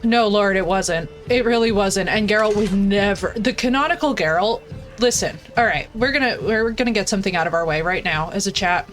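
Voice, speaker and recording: A woman game streamer ranting casually to her chat in an animated, profane, emphatic way. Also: mid-range voice, a little fast, soft background music. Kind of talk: casual livestream rant to chat.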